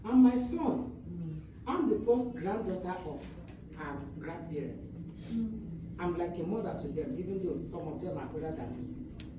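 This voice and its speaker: A woman's voice: lowish voice, expressive, moderate pace. An older woman with a Nigerian accent giving a wedding speech, full of praise and prayers. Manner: warm, blessing-giving, repeats prayers and praise. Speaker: wedding guest giving a toast. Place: wedding reception hall. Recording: echoey hall from far off, background noise.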